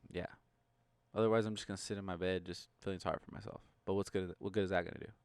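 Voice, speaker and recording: A man co-hosting a casual podcast, relaxed and teasing, who swears freely. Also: low voice, fast, smooth, dry recording. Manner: laid-back, teasing, swearing. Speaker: podcast co-host. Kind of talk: casual chat.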